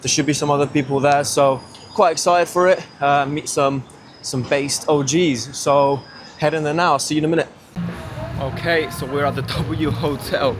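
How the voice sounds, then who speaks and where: A man's voice: fairly high pitch, steady tone, normal speed, faint music behind. A young British man of eighteen chatting casually in a travel vlog, rambling and swearing easily. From Britain. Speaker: travel vlogger. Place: outdoors on windy city streets.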